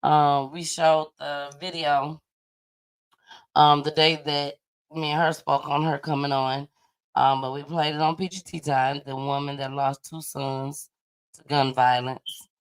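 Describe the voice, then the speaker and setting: Low-voiced laughing woman host. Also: unhurried, smooth. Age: middle-aged. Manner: laughs often, animated and teasing. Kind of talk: casual chat.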